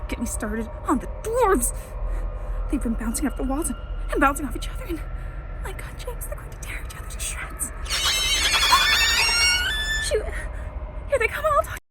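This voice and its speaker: A woman's voice: high-pitched, big pitch swings, a little fast, over music, poor audio. A woman playing a panicky princess who whispers urgently while hiding from the dwarves. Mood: frantic. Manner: panicked, hushed, breathless.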